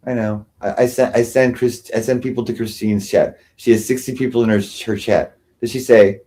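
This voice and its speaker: A man's voice: medium pitch, fairly even intonation, normal speed, warm tone. A man hosting a livestream, ranting sarcastically and with self-pity, often mocking others. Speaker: livestream host. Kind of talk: rambling livestream rant.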